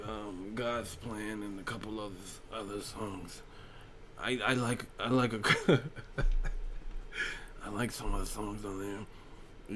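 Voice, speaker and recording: A man's voice: mid-range voice, fairly bright tone, a little hiss or hum. A man hosting a live stream, chatting casually, joking, swearing and laughing a lot.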